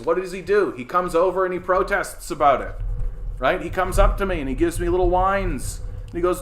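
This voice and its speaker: A podcast host from Canada talks in a heated, profane rant, tagging "right?" onto nearly every point. His voice sits a bit high for a man. The sound carries a roomy echo, as if he records in a bare room at home. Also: brisk, fairly bright tone, slight background noise. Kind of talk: casual ranting monologue. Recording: echoey room.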